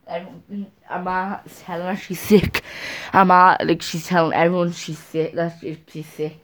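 A young woman talks at home in a loose, rambling chat, breaking off and restarting her sentences as she goes. Her voice sits a little low for a woman, and she keeps it easygoing and conversational. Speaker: vlogger. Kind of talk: casual chat to camera.

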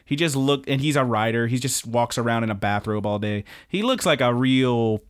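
A man's voice: mid-range voice, normal speed, smooth. A man co-hosting a podcast, casually recapping episodes in a rambling, profane way and laughing often. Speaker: podcast co-host.

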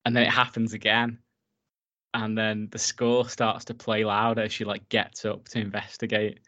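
A man's voice: on the low side, completely flat delivery, normal speed, pushed and bright, lo-fi sound. A man casually recapping a horror film for his co-host, enthusiastic and swearing freely. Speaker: podcast co-host.

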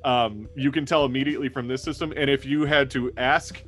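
A man at a mid-range pitch runs a tabletop role-playing game as its game master. He narrates in a halting way, stopping and restarting with plenty of fillers. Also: steady tone, a bit bright, soft background music.

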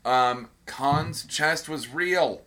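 A man's voice: a little high, extremely slow, pushed and bright. A man co-hosting a casual podcast chat, rambling with lots of fillers and restarts. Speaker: podcast co-host.

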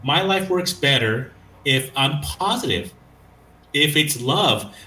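Bright-voiced rambling man in an echoey room. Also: a little high, animated, takes it slowly. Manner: enthusiastic, rambling, hesitant. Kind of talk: casual podcast conversation.

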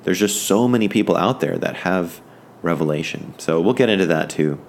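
Deep-voiced, rambling male Bible teacher. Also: lively intonation, slight background noise. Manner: rambling and halting, with many fillers and restarts; fervent, enthusiastic. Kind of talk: informal religious lesson.

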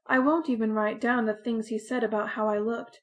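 A woman narrating a first-person story in an earnest, expressive diary-style reading. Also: a little high, a little fast. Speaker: audiobook narrator.

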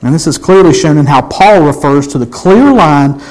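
A man preaching a sermon, emphatic, swinging between loud exclamations and hushed intensity. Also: on the high side, expressive, normal speed, rough recording.

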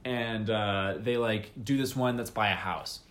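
A man's voice: lowish voice, unhurried, fairly bright tone. A man chatting casually as a podcast co-host, telling a rambling story with lots of fillers, laughs and quoted voices. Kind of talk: casual chat.

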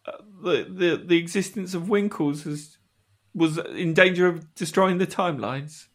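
A man's voice: a little high, a bit bright. An American man voicing an eager, cheeky male fishmonger recruit in a put-on British accent for an improvised comedy skit. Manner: cheeky, eager, quick with sayings.

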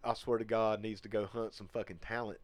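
A man's voice: lowish voice, a little fast, crowd noise. A man hosting a podcast in casual chat, swearing freely and laughing often. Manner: profane, animated, laughs often. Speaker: podcast host.

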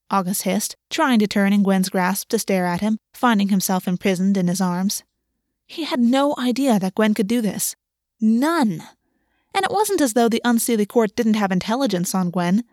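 A woman reads fantasy fiction aloud in a steady, measured narration. Her voice sits at a middle pitch. The recording is close and dry with no room sound. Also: dry recording. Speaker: audiobook narrator. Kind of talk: scripted narration of a fantasy novel.

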